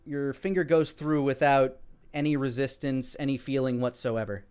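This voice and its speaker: A man's voice: mid-range voice, fairly even intonation, normal speed, darkish tone, clear, resonant tone. A man narrating a tabletop game as dungeon master, describing scenes with frequent fillers.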